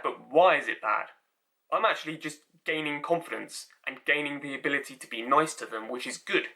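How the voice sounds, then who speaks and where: A man's voice: on the high side, sharp tone. A man delivering a rambling, sardonic comic monologue, often repeating himself and slipping into mocking voices. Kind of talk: stand-up style monologue.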